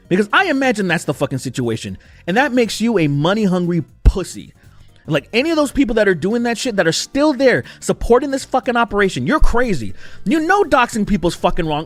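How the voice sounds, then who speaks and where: A young man delivers a heated commentary rant, swearing hard and hammering his points. His fairly high voice swings widely up and down. The sound is dry, with faint music underneath. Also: huge pitch swings, brisk, a bit bright, no room sound. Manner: profane, heated, emphatic. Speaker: commentary YouTuber.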